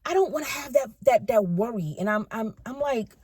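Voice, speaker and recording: A woman's voice: a little high, animated, a little fast, darkish tone, slightly rough, dry recording. A woman in her fifties chatting casually in a rambling, self-correcting way for a car-ride vlog. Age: 50s. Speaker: vlogger.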